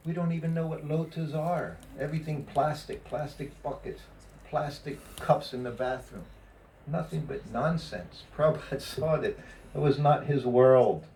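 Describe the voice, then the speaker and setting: A man casually telling anecdotes to a small group, laughing often and acting out what others said. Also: on the high side. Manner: laughs often, quotes others in lively asides. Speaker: former personal servant recalling memories. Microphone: phone or camera from a distance. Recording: distant phone recording.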